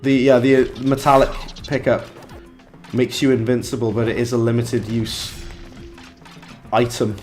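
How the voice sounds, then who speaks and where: Brief: young male game streamer, mid-pitched voice, talkative, reacts out loud as he plays. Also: little pitch movement, a little slow, pauses often, soft background music. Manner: chatty, reacts aloud and banters with chat. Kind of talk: live gameplay commentary.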